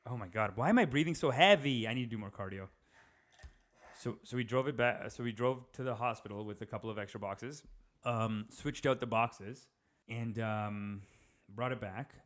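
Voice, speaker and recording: A young man rambles through a casual comic monologue, animated and loose. His voice sits at an ordinary middle pitch, and he keeps dropping in filler words as he goes. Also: moderate pace. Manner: rambling, animated, says dude a lot.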